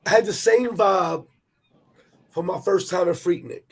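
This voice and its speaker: A man telling a personal travel story in animated, profane street talk, repeating words as he goes. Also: sits high, measured pace, vocal fry, husky. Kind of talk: casual storytelling chat.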